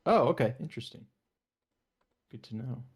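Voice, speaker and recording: A man's voice: mid-range voice, expressive, moderate pace. A man playing in a tabletop game, talking hesitantly with many fillers. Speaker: player. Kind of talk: casual chat in a tabletop game.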